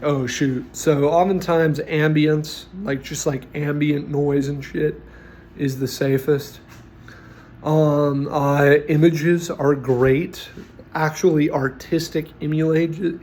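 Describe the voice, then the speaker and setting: A man's voice: fairly high pitch, a little mellow, slight background noise. A man who runs tabletop games gives advice in a blunt, opinionated way, with lots of fillers. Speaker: game master giving advice. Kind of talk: casual opinionated talk.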